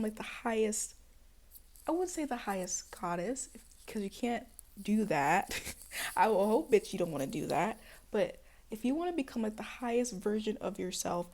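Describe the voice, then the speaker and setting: A young woman talking straight to her viewers in a casual self-help pep talk, sassy and blunt, with swearing, laughter and quick put-on voices. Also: a little mellow. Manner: acts out other people's voices in jumps of pitch. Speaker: spiritual self-help vlogger.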